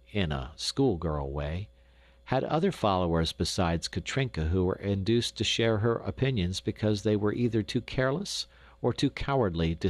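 Low-voiced man narrating a storybook. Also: no echo. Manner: expressive, storytelling. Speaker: audiobook narrator.

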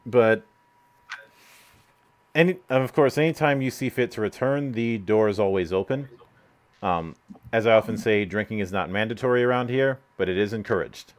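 A man's voice: lowish voice, moderate pace. A man hosting an interview over a video call, hesitant and full of fillers, swearing casually. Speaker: interview host.

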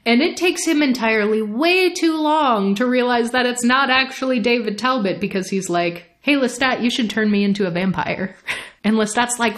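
Animated woman retelling a plot. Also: medium pitch. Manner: animated retelling, acting out characters in quick voices; laughs often. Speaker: podcast co-host. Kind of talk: casual book discussion.

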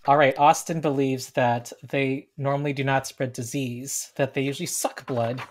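A man's voice: medium pitch, steady tone. Easygoing man running a tabletop game. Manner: easygoing, explains rules, reads scene descriptions slowly. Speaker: game master.

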